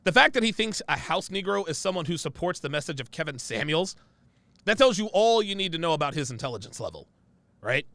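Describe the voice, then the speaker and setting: A man's voice: on the high side, very animated, a little fast, a bit bright, dry recording. A man hosting reaction commentary who talks emphatically and keeps checking in with "right?" and "okay?". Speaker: commentary host.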